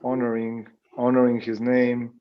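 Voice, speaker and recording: A man's voice: medium pitch, monotone, a little slow, highs cut off. A man on a video call asking a rabbi a question, searching hesitantly for his words.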